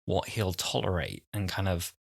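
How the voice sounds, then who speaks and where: A man's voice: sits low, expressive, normal speed, vocal fry. A man in his twenties co-hosting a podcast in casual chat, breaking into silly voices to quote scenes. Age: 20s. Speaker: podcast co-host.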